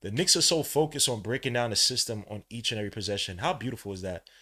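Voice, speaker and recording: A man hosting a live watch-along podcast, giving casual play-by-play in a relaxed, slangy way and jumping from hushed commentary to loud excited outbursts. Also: on the low side, quick pace. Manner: casual slang, talks to the listener like a friend. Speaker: podcast host calling a game.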